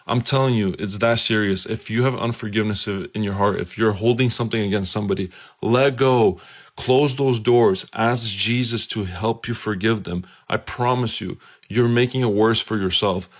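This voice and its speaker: A preacher telling a personal story in an earnest, emphatic way and urging listeners directly. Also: male voice, on the low side, normal speed. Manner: earnest and emphatic, urgent appeals.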